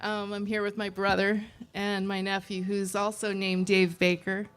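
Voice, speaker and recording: A woman giving a eulogy for her father, speaking softly and hesitantly, close to tears. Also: mid-range voice, monotone, normal speed, smooth, soft background music. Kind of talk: memorial speech.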